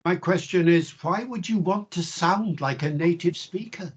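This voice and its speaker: An older male linguistics professor speaks in a measured, reflective way, leaning into key points with emphasis. His voice is husky and a little high for a man. The video call audio sounds dull and lo-fi. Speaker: linguistics professor, interview guest. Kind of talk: explanatory interview answers.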